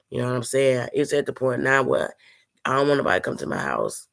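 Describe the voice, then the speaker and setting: A woman's voice: a bass voice, creaky. A sick woman telling a personal story to her viewers in an earnest, emotional, casual way. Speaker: vlogger.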